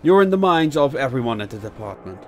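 A man doing a brisk police chief. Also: mid-range voice, big pitch swings, pitched above the performer's own voice, natural voice. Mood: reassuring. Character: gruff middle-aged male police chief, businesslike. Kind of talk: audiobook character voice.

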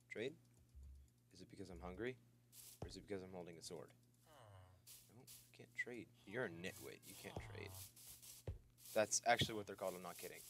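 Excitable man narrating his gameplay. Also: deep voice, gravelly, a little hiss or hum. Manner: excitable, talks to the creatures on screen, yelps in panic. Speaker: gameplay commentator. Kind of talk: casual let's-play commentary. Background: game music.

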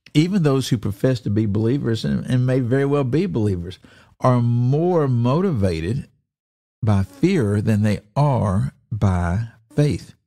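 A man giving devotional Bible teaching, earnest and repeating key phrases, reading verses slowly and deliberately. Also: medium pitch, dark tone. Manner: reads scripture slowly and deliberately.

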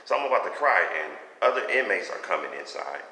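A man with a lowish, bright, forceful voice tells his faith testimony. He talks in a fervent, rambling way, close to preaching. The sound rings in a roomy space with a long reverb tail. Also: very animated, quick pace. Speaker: giving a personal faith testimony. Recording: echoey room with long reverb.

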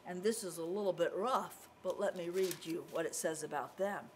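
A woman teaching a Bible lesson to children, telling the story in an animated way and acting out the voices. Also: lowish voice, normal speed, slight background noise.

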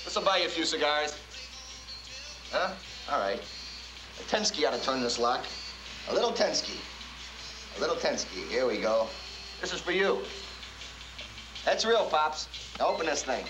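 An actor playing a pushy young man who wheedles and shouts as he tries to bribe his way through a door, in a film drama. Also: on the high side, very animated, normal speed, pauses often, roomy sound, over music, rough recording. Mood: wheedling.

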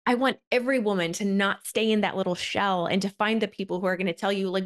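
A woman's voice: mid-range voice, fairly even intonation, quick pace, few pauses. A woman hosting a podcast and chatting casually about her coaching, heartfelt and with frequent "like" fillers. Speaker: podcast host and wellness coach.

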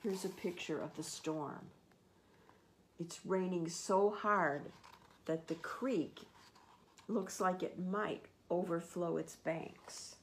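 A woman, a children's librarian, reading a picture book aloud and gently explaining words and pictures to children. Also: lowish voice, slow, a little hiss or hum.

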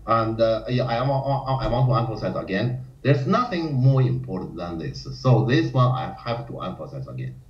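A man teaching a Go lecture in non-native English, often acting out panicked players in a high voice. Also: expressive, moderate pace, hardly any pauses. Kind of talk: live-streamed lecture. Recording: roomy, dull lo-fi stream audio.

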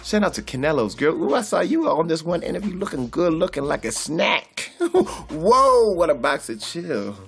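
A man doing loud, profane, comedic boxing commentary in a vlog, laughing often and calling out like a preacher. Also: fairly high pitch, expressive, brisk, gravelly, hardly any pauses, breathy edge, faint music behind. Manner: boisterous, profane, laughs a lot, preacher-style call-outs. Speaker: boxing vlogger.

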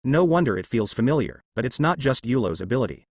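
A man's voice: medium pitch, big pitch swings, fast, a little mellow, dry recording, studio quality. A man reading as a solemn navy officer.

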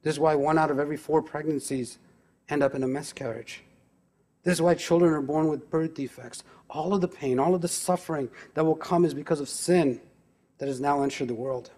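Preaching pastor with a mellow voice. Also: male voice, on the high side. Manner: preaching with emphatic rhetorical questions. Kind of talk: sermon. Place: church.

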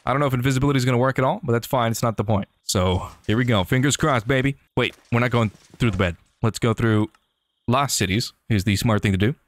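A man giving excitable, joking commentary over his gameplay, often talking back to enemies on screen. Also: medium pitch, fast talker. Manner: excitable, jokey, talks to enemies. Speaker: gaming YouTuber. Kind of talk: game commentary.

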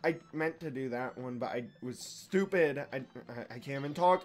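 A young man giving casual let's-play commentary, profane and excitable, trash-talking the boss and yelling when he wins or loses. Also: on the high side, measured pace, creaky, hardly any pauses, soft background music. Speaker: gaming YouTuber.

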